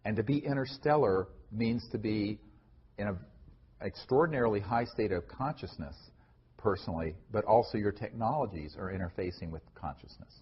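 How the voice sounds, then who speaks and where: A man's voice: on the low side, normal speed, slightly rough. A man speaking earnestly at a talk, conversational with many fillers and restarts, answering an audience question. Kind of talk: lecture and Q&A answer. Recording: dull lo-fi recording.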